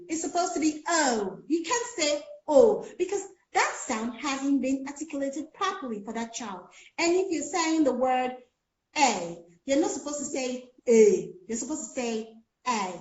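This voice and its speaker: A woman's voice: on the high side, a little mellow. Nigerian woman coaching pronunciation. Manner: explaining with many fillers. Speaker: speech coach. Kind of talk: casual chat on a call. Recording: echoey lo-fi call audio.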